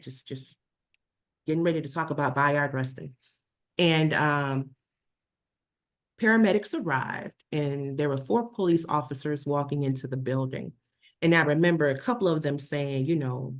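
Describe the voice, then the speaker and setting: A woman speaking on a video call, telling a personal story in a talk, animated and full of fillers and restarts. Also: low-pitched, normal speed. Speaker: speaker presenting slides.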